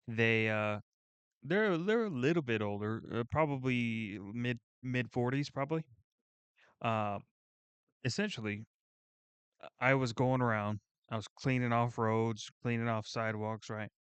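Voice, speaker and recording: A man hosting a reaction video, chatting casually in a rambling, excitable way and swearing freely. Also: mid-range voice, slow, pauses often, clean tone, no room sound.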